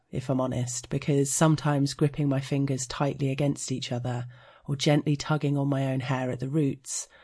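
A British woman reading her own erotic story aloud, frank and wry, slowing down over the intimate details. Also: rumbling low, mellow, husky. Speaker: sex blogger.

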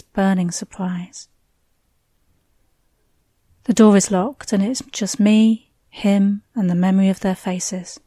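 A woman reads a first-person story in an intimate, hushed delivery that sinks into breathy whispers. Her voice is warm and mellow. The sound is dry and close, with no room around it. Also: medium pitch, no echo. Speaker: narrator.

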